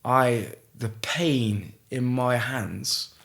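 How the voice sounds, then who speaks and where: A middle-aged man from Gloucester, telling a story as a podcast guest in a halting way, with frequent restarts. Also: mid-range voice, vocal fry, a bit bright. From Gloucester, England. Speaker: guest, ice swimmer. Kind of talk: casual storytelling in a podcast interview.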